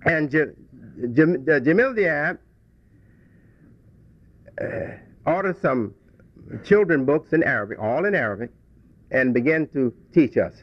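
A slightly high-voiced man addresses a congregation, animated yet measured, leaving long pauses. He tells a folksy childhood tale, repeatedly restarting, in a reflective talk heard through a dull, dry lo-fi recording.

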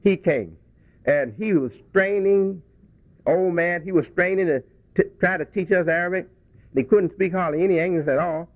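A religious speaker with a high-pitched voice tells his congregation a childhood story at normal speed, folksy and full of restarts. It's a reflective talk captured in a dull, dry lo-fi recording with no room sound.

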